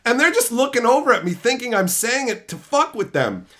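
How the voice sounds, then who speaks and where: A man's voice: very high-pitched, a little fast. A man telling brash, profane stories in a casual stream chat. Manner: profane, brash, animated storytelling.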